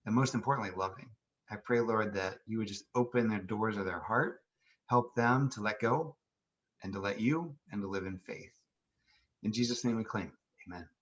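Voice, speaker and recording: Earnest bright-voiced man praying. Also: on the low side, normal speed, lo-fi sound. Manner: earnest, prayerful. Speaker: podcast host. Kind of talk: podcast talk and spoken prayer.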